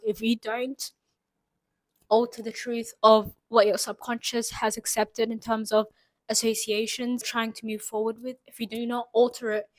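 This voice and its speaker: A woman's voice: a little high, dry recording, rough recording. A young woman giving a rambling, earnest motivational talk straight to the camera, full of fillers and asides. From Saudi Arabia. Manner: earnest, rambling, lots of "like" and "you know what I'm trying to say". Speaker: vlogger. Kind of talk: casual motivational monologue.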